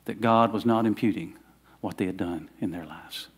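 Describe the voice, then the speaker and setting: Pastor preaching with rising fervor. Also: male voice, on the low side, normal speed, breathy edge. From Southern United States. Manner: conversational preaching, rising to fervent emphasis. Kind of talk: sermon.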